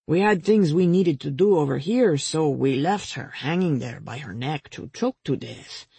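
A reader putting on a jumpy male henchman, a little higher and louder than the narration, gravelly and husky underneath. He rushes to please, pleading and hurried. Dry close sound. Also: expressive, no room sound, full character voice. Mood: defensive. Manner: hurried, pleading and over-eager. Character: nervous eager male henchman, anxious to please. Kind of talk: audiobook character reading.

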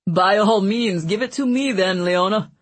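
A woman's voice: medium pitch, a little slow, natural voice. A woman voicing a greedy, jovial fat man from Genoa. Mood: teasing. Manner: jovial, bantering, relishing food. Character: fat greedy joking Genovese man, loud and boastful.

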